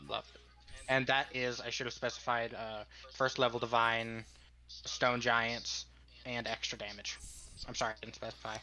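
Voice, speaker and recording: A man's voice: medium pitch, flat delivery, moderate pace, bright, forceful tone, faint music behind. A man playing in a tabletop game, working through his rolls carefully and apologizing for slips. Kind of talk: casual play at the table.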